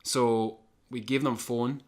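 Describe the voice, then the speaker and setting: A man co-hosting a podcast, telling a long personal anecdote in an animated, chatty way and chuckling now and then. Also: mid-range voice, a little slow. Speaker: podcast co-host. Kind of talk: casual storytelling.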